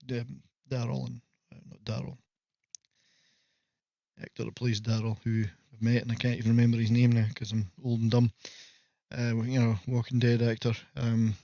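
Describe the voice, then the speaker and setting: A man's voice: mid-range voice, vocal fry, no room sound. Rambling Scottish man chatting on a livestream. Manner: rambling, self-mocking joker. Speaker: livestream host. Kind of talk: casual livestream chat. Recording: slightly muffled, dry audio.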